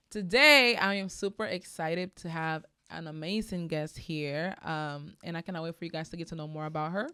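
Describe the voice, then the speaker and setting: A woman's voice: low-pitched, moderate pace, few pauses, sharp tone, smooth, no room sound, studio quality. A woman in her thirties hosting a casual talk show, bubbly and chatty, calling her guest "girl". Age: 30s. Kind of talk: casual chat.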